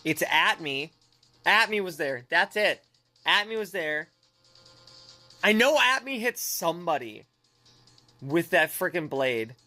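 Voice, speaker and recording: A young woman streams a game and chats in a loose, self-mocking way, often breaking into giggles. Her pitch swings widely while her pace stays slow. Soft music plays behind her. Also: big pitch swings. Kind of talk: casual game stream commentary.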